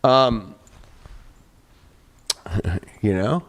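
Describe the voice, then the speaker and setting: A man's voice: fairly low pitch, extremely slow, slight background noise. A man hosting an astrology talk, brash and profane, smoking a cigarette as he talks. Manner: brash, swears freely, animated. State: smoking a cigarette while talking. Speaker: astrology show host. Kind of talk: casual profane astrology chat.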